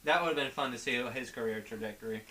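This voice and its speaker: A man's voice: mid-range voice, fast talker, noisy background. A man in a casual wrestling chat, chiming in with wry remarks.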